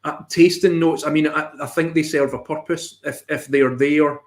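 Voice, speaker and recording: A man's voice: a little high, fairly even intonation, moderate pace. Male co-host, easygoing, stumbles and repeats words as he talks. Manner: hesitant, repeats words, conversational. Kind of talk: casual chat on a livestream.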